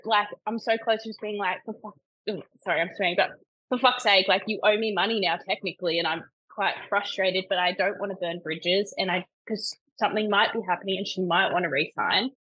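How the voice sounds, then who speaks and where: A woman's voice: mid-range voice, fairly even intonation, brisk, no room sound, highs cut off. Chatty woman trainer, dry close sound. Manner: chatty, lots of "like" fillers, laughs easily. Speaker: personal trainer, podcast guest. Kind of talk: casual podcast chat.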